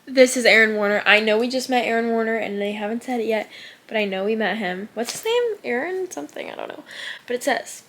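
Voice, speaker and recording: Excitable young woman, gravelly voice. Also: on the high side, fairly quick. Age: young adult. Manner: excitable, frequent "like" fillers. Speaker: book vlogger. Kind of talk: reading vlog, reading aloud and reacting.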